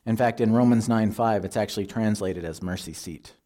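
Mellow-voiced male preacher. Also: lowish voice. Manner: earnest, measured teaching with scripture quotes. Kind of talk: sermon.

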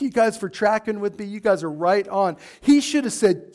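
A man's voice: high-pitched, moderate pace. A pastor preaching a sermon in church, asking his congregation emphatic rhetorical questions.

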